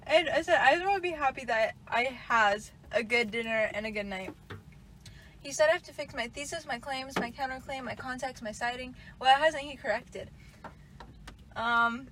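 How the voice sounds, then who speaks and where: A woman's voice: high-pitched, moderate pace, fairly bright tone, slight background noise, poor audio. A teenage girl co-hosting a casual podcast, laughing a lot and poking fun at herself. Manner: laughs a lot, self-mocking. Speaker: podcast co-host. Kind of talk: casual chat. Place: parked car by a lake in rain.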